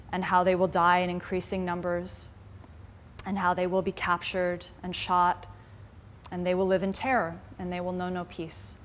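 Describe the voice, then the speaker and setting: A woman voicing a compassionate male deer leader in a fable, speaking softly and pleadingly. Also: fairly low pitch, close to an everyday voice. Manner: soft, pleading, heartfelt. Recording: faint room noise in a live class.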